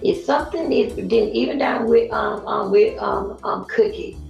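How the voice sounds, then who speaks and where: A woman's voice: mid-range voice, normal speed, vocal fry, darkish tone, reverberant, soft background music. A woman from Florida, rambling through casual commentary on a group call.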